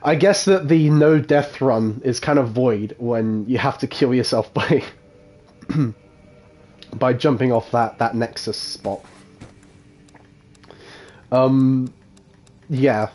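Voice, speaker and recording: A man's voice: medium pitch, takes it slowly, pauses often, a little mellow. A man chatting casually while live-streaming a game, laughing often and swearing offhandedly. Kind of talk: casual live gameplay commentary.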